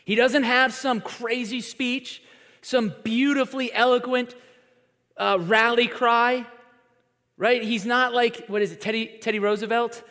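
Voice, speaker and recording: A man in his thirties delivers a sermon in a conversational, animated style, slipping into quoted voices as he tells his stories. His voice sits fairly high for a man. The sound carries the long reverb of a large church hall. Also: unhurried. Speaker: pastor.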